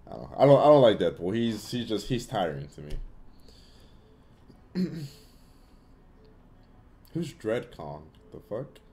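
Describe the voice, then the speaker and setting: A man's voice: on the low side, very animated, takes it slowly, pauses often, a little mellow. A young man hosting a casual gaming Q&A livestream, giving blunt opinions in loose, filler-heavy talk. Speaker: livestream host answering chat.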